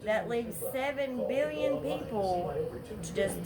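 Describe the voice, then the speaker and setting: A woman's voice: fairly high pitch, animated, slow. A woman chiming in casually to add details while her husband talks. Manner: interjecting, adds details. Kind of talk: casual chat. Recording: loud background chatter.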